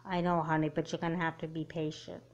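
A patient, soothing mother, her voice lower and softer as she calms her daughter with gentle reassurances. A woman voices her in a homemade doll movie. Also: fast talker, muffled recording, lightly acted. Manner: gentle, calming, calls her child honey.

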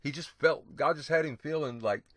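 A man with a somewhat high voice teaches the Bible on the radio, with no echo in the recording. He reads old scripture wording aloud slowly and with emphasis, breaking in to exclaim "hallelujah" and to ask a rhetorical "see?"

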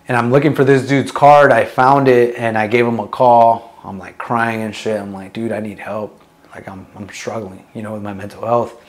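Young man, low voice, flat delivery, casual interview, candid, profane, lots of fillers. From Long Beach, California. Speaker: Marine veteran guest.

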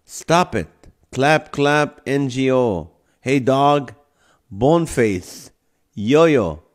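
A man's voice: medium pitch, lively intonation, extremely slow. A man hosting a live stream, reading out viewer comments in a playful, easygoing way and laughing often. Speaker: livestream host. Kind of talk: casual live-stream chat. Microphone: phone or camera mic.

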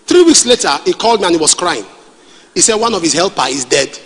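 High, lively Nigerian preacher. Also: male voice, fast talker, big-room sound. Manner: animated, storytelling with pidgin asides. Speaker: pastor. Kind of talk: sermon.

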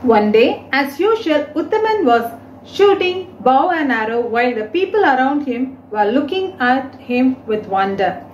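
Woman, teacher, very lively pitch, slight room echo. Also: measured pace, lo-fi sound, a little hiss or hum. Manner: explains words, retells story in simple English. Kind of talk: explaining a reading lesson.

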